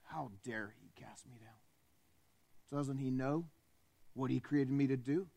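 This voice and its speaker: A man's voice: mid-range voice, steady tone, a little slow, dark tone, close to an everyday voice. A man voicing Satan as a proud, seething fallen angel, muttering bitter and boastful lines in a dramatized sermon. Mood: seething resentment.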